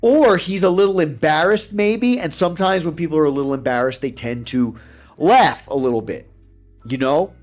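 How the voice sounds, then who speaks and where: A man giving reaction commentary on a video, animated and chuckling often as he talks. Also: fairly high pitch, moderate pace, soft background music.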